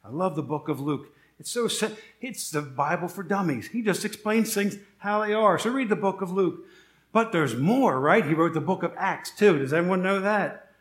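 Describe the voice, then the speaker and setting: A man's voice: high-pitched, animated, moderate pace, reverberant. A middle-aged male pastor preaching a sermon in a conversational way, full of rhetorical questions and joking asides.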